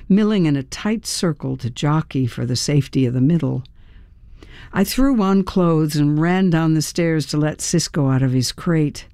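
Slow, mellow audiobook narrator. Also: mid-range voice, no room sound, studio quality. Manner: unhurried storytelling with acted dialogue. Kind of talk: first-person audiobook narration.

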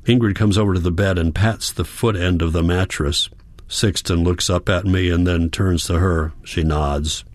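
Audiobook narrator, man, low voice, measured reflective first-person read, dry close sound. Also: fairly even intonation, dry recording.

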